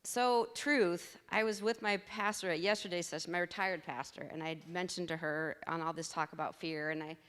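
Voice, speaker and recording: A woman's voice: lowish voice, steady tone, moderate pace, hardly any pauses, a bit bright, clean tone. Woman, audience member, rambling, self-deprecating, resonant voice, echoing hall. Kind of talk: audience question. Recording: reverberant hall sound.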